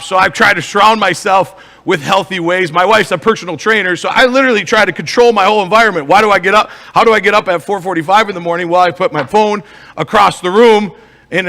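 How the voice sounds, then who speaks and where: Man, motivational speaker, Upper Midwest accent, rhetorical questions, somewhat high voice, stage in a big echoing hall. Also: sharp tone. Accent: Upper Midwest American. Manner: emphatic, rhetorical questions to the crowd. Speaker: motivational speaker and life coach. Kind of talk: live pitch talk to an audience.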